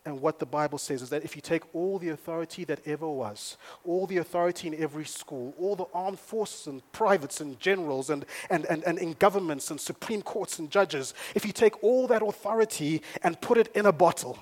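A man delivering a sermon as a pastor. His voice sits a little high. He mixes hushed storytelling with passages of loud, fervent emphasis. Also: a little fast, few pauses.

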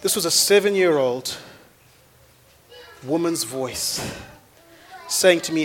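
A man in his thirties preaches a sermon to his congregation in a church auditorium. His voice sits fairly high for a man, and his lively storytelling keeps climbing into loud, rousing exhortation. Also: slow, a little hiss or hum. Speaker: pastor.

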